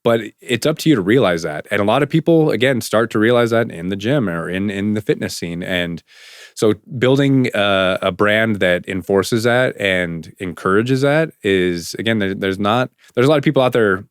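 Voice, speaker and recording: A man's voice: fairly low pitch, expressive, normal speed, clean tone, no echo, clean studio sound. A man hosting a podcast, speaking in an earnest, emphatic way. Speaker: podcast host. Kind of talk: conversational podcast interview.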